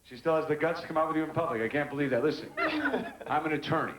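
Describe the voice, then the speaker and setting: A man's voice: fairly high pitch, very fast, background noise, lightly acted. An actor playing a brash male lawyer in a soap opera, teasing and roasting people from a club stage. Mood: cocky. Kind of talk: 1990s daytime soap acting. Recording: echoey club with loud music.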